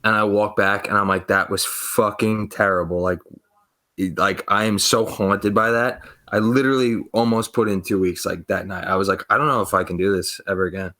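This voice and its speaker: Young new guy, kinda low voice, rambling swear-y stories on a podcast, does everybody's voices. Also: steady tone, a little fast, pushed and bright. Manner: profane, rambling, acts out quoted voices. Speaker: podcast co-host. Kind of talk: casual storytelling.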